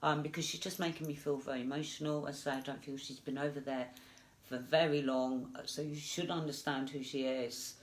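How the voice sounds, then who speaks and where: A woman medium giving a live psychic reading, gentle and reassuring, halting with many fillers. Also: extremely low pitch, fairly even intonation. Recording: echoey room.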